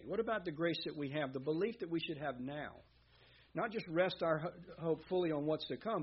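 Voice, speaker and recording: A man's voice: on the high side, husky, dull audio. A man preaching a sermon as pastor, reading scripture and asking his listeners questions. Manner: earnest preaching, reads scripture aloud, asks the congregation questions.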